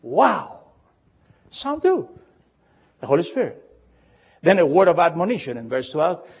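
A middle-aged man preaching a sermon as pastor in a church auditorium, swinging from hushed pleas to fervent shouts. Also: on the high side, very animated, unhurried, pauses often, husky, highs cut off.

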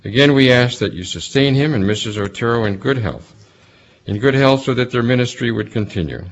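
A man leading a formal congregational prayer in a measured cadence. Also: medium pitch, animated, muffled recording. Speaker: church leader leading prayer. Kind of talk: public prayer.

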